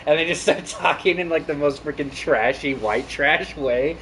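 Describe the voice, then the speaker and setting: A man chatting casually while playing a game, laughing a lot and rambling excitedly. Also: a little high, normal speed, a little hiss or hum, poor audio. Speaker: game show host. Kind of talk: casual gameplay banter. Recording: game music playing behind.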